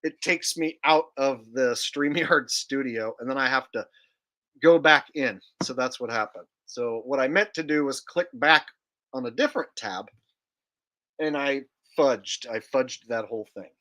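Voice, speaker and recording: A man's voice: mid-range voice, measured pace, pushed and bright. A man hosting a casual livestream, joking and rambling while reading chat aloud. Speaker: livestream host.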